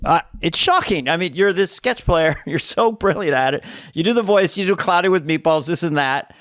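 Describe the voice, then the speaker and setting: A man's voice: fairly high pitch, expressive, normal speed, fairly bright tone, no echo, clean studio sound. A man in his sixties co-hosting a podcast, heaping praise on the guest and sometimes putting on voices. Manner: enthusiastic praise, slips into gruff put-on voices. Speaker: podcast co-host. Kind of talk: casual podcast chat.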